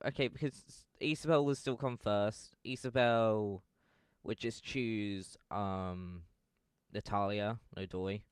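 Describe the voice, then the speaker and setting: A man's voice: lowish voice, steady tone, slow, clear, resonant tone, no echo, clean studio sound. A young man giving casual fan commentary, rambling and correcting himself with lots of fillers.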